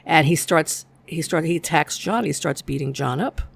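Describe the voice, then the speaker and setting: Gravelly-voiced TV reviewer recapping an episode. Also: medium pitch, moderate pace. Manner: chatty plot retelling with light laughs. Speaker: TV show reviewer.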